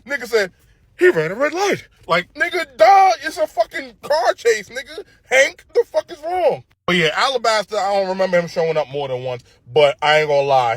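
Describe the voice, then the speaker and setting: A man's voice: fairly high pitch, dry recording. A man ranting casually about cartoon characters, profane and opinionated, full of slang and tag questions. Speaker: show commentator. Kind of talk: casual commentary rant.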